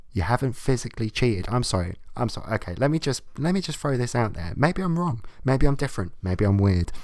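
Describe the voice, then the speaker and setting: A man's voice: on the low side, darkish tone, dry recording. A man hosting a comic show, reading out advice letters and ranting about them with blunt, sweary sarcasm. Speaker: host reacting to advice letters.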